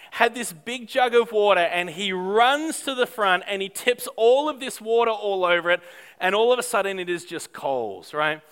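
High, bright-voiced male preacher. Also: clean tone. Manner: animated, self-deprecating storytelling with frequent restarts. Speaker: pastor. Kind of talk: sermon storytelling.

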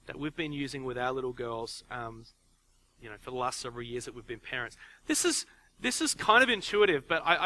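Bright-voiced man preaching conversationally. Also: on the high side, poor audio. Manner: conversational, repeats and restarts words, acts out quoted parents. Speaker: pastor. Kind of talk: sermon.

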